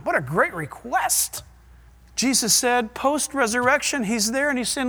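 A man preaching a sermon and reading scripture aloud, fervent and emphatic, with his pace swinging from quick to drawn out. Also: very high-pitched, lively intonation, pushed and bright.

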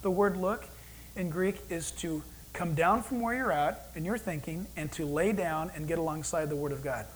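A man preaching a sermon as pastor, animated, acting out God's voice in quoted asides. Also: a little high, normal speed, a little hiss or hum, rough recording.

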